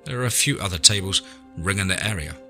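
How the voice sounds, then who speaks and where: A man narrating an audiobook story in a measured, scripted way. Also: sits low, pushed and bright, faint music behind.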